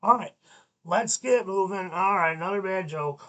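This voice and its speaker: A man's voice: high voice, moderate pace, sharp tone. A man hosting a children's learning show, leading songs and jokes and bantering playfully with his puppets. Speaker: children's show host and teacher.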